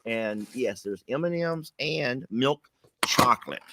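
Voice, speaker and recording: A man's voice: mid-range voice, animated, slow pace, heavy background noise. A man, chatting casually as co-host while opening fan mail, playful and mock-exasperated. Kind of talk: casual chat.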